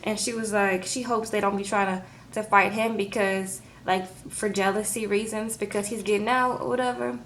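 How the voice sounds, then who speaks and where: A woman recapping a reality TV episode in a casual vlog, talking in an animated, sassy way, acting out quotes and tagging her lines with "okay?". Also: medium pitch, moderate pace, few pauses, slight background noise.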